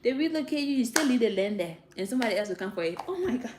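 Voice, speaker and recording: A woman talking casually to viewers, giving direct, animated advice and laughing often. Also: a little high, quick pace, few pauses, background noise. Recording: roomy echo, faint ambience.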